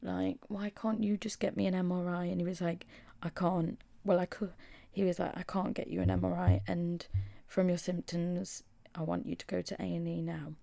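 Her voice is on the low side, creaky and mellow, delivered flatly at a normal pace with few pauses and no echo. She's a young English podcast host chatting alone through a story, shaky and unwell after hospital, and she drops to a whisper for quoted asides.

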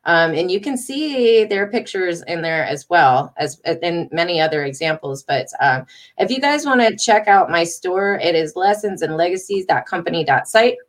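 A woman's voice: on the low side, expressive, normal speed. A woman hosting a live stream, chatting casually, reading viewer comments and laughing often. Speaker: host of a live stream show.

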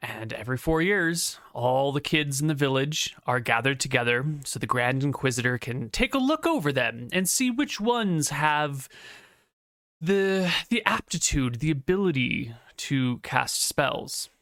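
A man's voice: mid-range voice, sing-song, measured pace, a bit bright, dry recording, clean studio sound. A man narrating as game master in a tabletop game, casual and descriptive, with frequent filler words.

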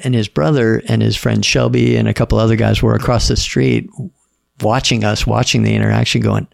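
Gravelly laid-back man telling stories. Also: fairly low pitch, flat delivery, quick pace, a little mellow, no room sound, studio quality. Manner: laid-back storyteller, quotes others in dialogue. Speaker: podcast guest. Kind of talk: casual storytelling.

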